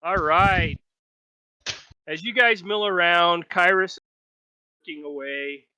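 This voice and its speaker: A woman running a tabletop game as game master on a live stream, playful and quick to laugh. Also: lowish voice, pushed and bright, no room sound. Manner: laughs often, playful narration.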